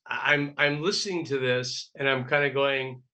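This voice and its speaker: A middle-aged man hosting an interview, speaking reflectively and haltingly with restarts. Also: mid-range voice, fairly even intonation, sharp tone. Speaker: podcast host. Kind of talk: conversational interview.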